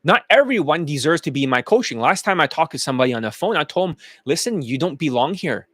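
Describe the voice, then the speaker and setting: A man's voice: on the high side, big pitch swings, very fast, fairly bright tone, dry recording, clean studio sound. A man talking as a dating coach in a brash, boastful monologue, swearing freely. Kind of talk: casual promotional monologue.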